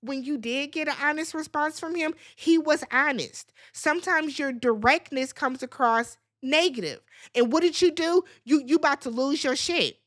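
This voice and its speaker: A woman's voice: high voice, normal speed, few pauses, a bit bright. A woman hosting a reality TV recap, giving blunt, profane, exasperated commentary straight to her viewers.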